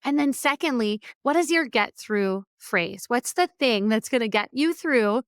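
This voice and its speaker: Smooth-voiced woman podcast host. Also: fairly high pitch, expressive, measured pace, dry recording, clean studio sound. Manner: conversational, acts out quoted remarks. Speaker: podcast host and keynote speaker. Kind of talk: motivational podcast monologue.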